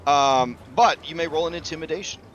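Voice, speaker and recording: A man's voice: fairly high pitch, brisk, fairly bright tone, muffled recording, a little hiss or hum. A man running a tabletop game as game master, talking loosely and chattily with many fillers and the odd curse.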